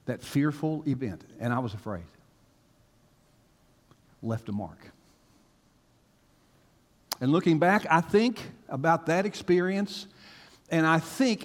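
A man preaching a sermon to a congregation, telling stories with animated swings from hushed to loud. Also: on the high side, slow pace, long pauses. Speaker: pastor. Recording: long reverb of a large hall.

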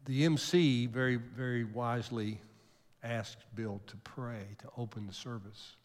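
An older man, a pastor preaching a sermon, telling a story emotionally, jumping from loud bursts to near-whispers. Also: mid-range voice, fairly even intonation, measured pace. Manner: emotional storytelling with sudden loud rises and soft drops. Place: church sanctuary. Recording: long hall reverb.

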